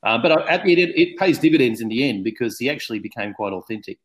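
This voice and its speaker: Aussie bloke guesting on a pod, jokey, self-deprecating, calls everyone mate. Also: male voice, mid-range voice, animated, very fast. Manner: jokey, self-mocking, says mate a lot. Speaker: podcast guest. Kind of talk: casual podcast chat.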